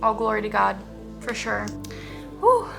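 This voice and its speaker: A woman's voice: mid-range voice, very animated, measured pace, vocal fry, fairly bright tone. Emotional young woman vlogger over music. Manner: heartfelt, emotional, earnest. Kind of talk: personal vlog storytelling. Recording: music playing behind the voice.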